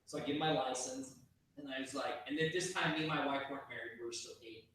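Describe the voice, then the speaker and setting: A man's voice: mid-range voice, quick pace, fairly bright tone. A man hosting a casual talk show, telling a story with lots of swearing and acting out the dialogue. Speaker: podcast host. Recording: echoey room, distant mic, faint noise.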